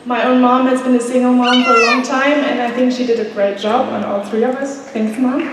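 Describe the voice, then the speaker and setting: A polite, eager woman, asking a question from the floor of a convention. Her voice sits a little high, and it comes from far off in a big, echoing hall. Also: steady tone, fairly quick, heavy background noise. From Germany.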